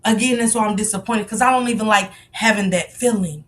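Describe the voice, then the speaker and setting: A woman hosts a live stream in casual chat, greeting and answering her viewers with candid, confessional talk and plenty of free swearing. Her voice is medium in pitch, a bit bright, and a little fast.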